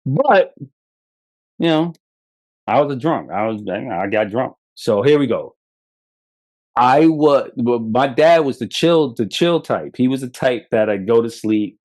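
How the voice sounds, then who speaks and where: A middle-aged man from Brooklyn, hosting a podcast, speaking bluntly with profanity and animated storytelling. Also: medium pitch, unhurried. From Brooklyn, New York. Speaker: podcast host. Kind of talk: motivational monologue.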